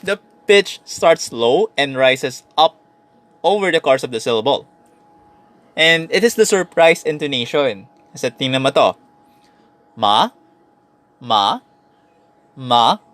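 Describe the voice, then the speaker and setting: A man's voice: on the high side, lively intonation, moderate pace, a bit bright, no echo. A man with a Filipino accent teaching a recorded language lesson, switching between Tagalog and English and repeating syllables to demonstrate tones.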